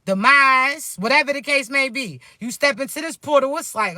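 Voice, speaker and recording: A woman's voice: sits high, moderate pace, hardly any pauses, pushed and bright, dry recording, studio quality. A woman speaking as a spiritual coach in a casual motivational vlog, talking bluntly and cursing freely as she calls her listeners baby. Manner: blunt, profane, no sugarcoating.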